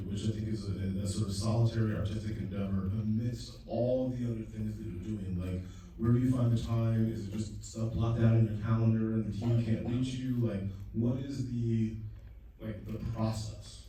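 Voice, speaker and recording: A man's voice: fairly low pitch, little pitch movement, normal speed, dark tone, distant mic, a little hiss or hum. Man moderating a Q&A in an echoey theater. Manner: conversational, hesitant questions with fillers. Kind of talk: casual onstage interview. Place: cinema theater before an audience.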